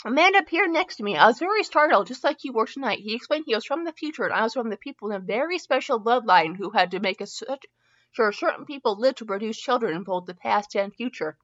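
A woman hosts a podcast where she reads fanfiction aloud, often tripping over words and laughing at herself between passages with comic asides. Her voice is on the high side and her pace quick. The audio is dull.

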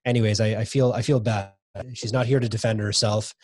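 A man being interviewed about his book, talking enthusiastically and repeating words when he gets excited. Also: fairly low pitch, a little fast. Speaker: guest author. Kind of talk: casual podcast interview.

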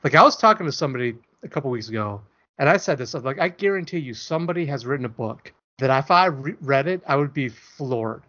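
An expressive man with a mid-range, fairly bright voice talks fast as he co-hosts a podcast. The conversation is rambling, casual and jokey, with plenty of self-deprecation. The recording is dull and lo-fi.

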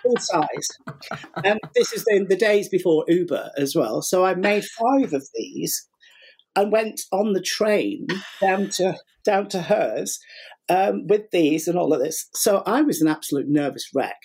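A man's voice: high-pitched, expressive, normal speed, a little mellow, breathy edge. A middle-aged man telling a long story in a casual interview, rambling with fillers and acting out what people said. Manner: rambling, many fillers and repeats, acts out quotes. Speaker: guest, sugar flower artist and teacher.

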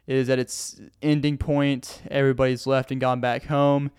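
A man's voice: mid-range voice, level tone, moderate pace, a little mellow, clear, resonant tone, dry recording, studio quality. Upbeat young man rambling on a podcast. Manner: rambling, upbeat, self-promoting. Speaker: podcast host and comedian. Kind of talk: casual solo podcast chat. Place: a friend's house, indoors.

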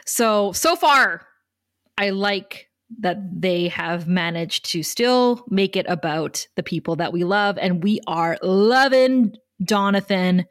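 A woman's voice: mid-range voice, animated, takes it slowly, no room sound, clean studio sound. A tired woman co-hosting a podcast in casual chat, joking and laughing often. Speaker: podcast co-host.

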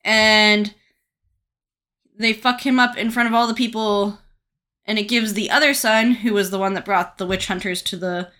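A woman's voice: mid-range voice, fairly bright tone. A woman co-hosting a podcast, recapping a movie in a casual, wry, profane way. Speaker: podcast co-host.

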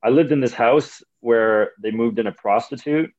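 Guesting on a laid-back podcast, this young Canadian comedian rambles through foul-mouthed, lively anecdotes. He talks at a moderate pace with a medium-pitched voice, and the audio sounds dull.

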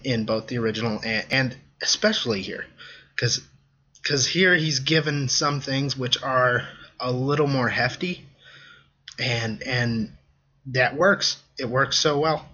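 A man's voice: mid-range voice, pushed and bright, slightly rough, lo-fi sound. A man co-hosting a casual film review podcast, talking in a chatty, hesitant way with many ums and restarts. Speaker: podcast co-host.

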